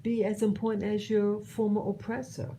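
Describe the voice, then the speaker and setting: A woman from the United States giving her personal commentary, earnest and halting, often restarting her sentences. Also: mid-range voice, flat delivery, dark tone, a little hiss or hum, low-quality recording. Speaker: vlogger sharing opinions.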